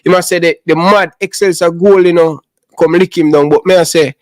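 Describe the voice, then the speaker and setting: A man's voice: on the high side, steady tone, fairly quick, no echo. A young Jamaican man chatting casually, telling a long story in patois and repeating himself as he goes. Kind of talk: casual chat.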